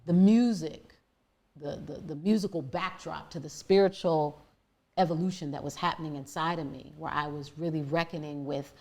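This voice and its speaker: A woman with a deep, low-set voice tells her story as a podcast guest. She talks earnestly and reflectively, often restarting mid-thought as she searches for words. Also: steady tone, moderate pace, a little mellow.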